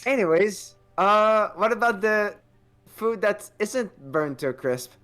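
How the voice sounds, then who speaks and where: Slow, high-voiced man playing a tabletop game. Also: animated, a bit bright, faint music behind. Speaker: player.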